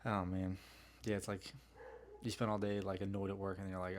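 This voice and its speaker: Rambling guy, lowish voice. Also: level tone, brisk, slight background noise. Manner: rambling, swearing, slangy storytelling. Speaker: podcast host. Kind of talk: casual solo podcast rant.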